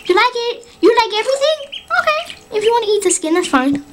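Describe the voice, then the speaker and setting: Excitable high-voiced young woman cooing at ducklings. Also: quick pace, echoey room. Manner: excited baby talk to ducklings. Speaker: vlogger. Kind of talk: casual vlog with pets. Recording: loud background noise, water splashing.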